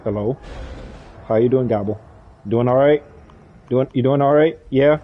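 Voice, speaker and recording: A man's voice: medium pitch, moderate pace, narrow, tinny audio. A man livestreaming a dinosaur game, chatting casually with viewers and teammates as he plays. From not from the countryside. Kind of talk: casual gaming commentary.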